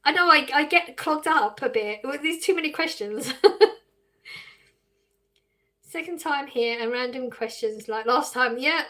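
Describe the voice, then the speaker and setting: Chatty English woman streamer, higher voice. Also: measured pace, long pauses, bright, forceful tone. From England. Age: adult with children. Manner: reads viewer questions aloud and answers them, laughing often. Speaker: live streamer. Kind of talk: casual live-stream chat.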